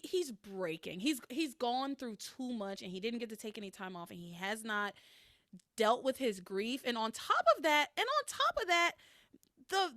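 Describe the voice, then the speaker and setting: A woman hosts a casual podcast chat, her fairly high voice swinging widely in pitch as she recaps. She laughs often and swears casually. The sound is dry and close, with no room echo. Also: pushed and bright. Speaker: podcast host recapping a soap opera.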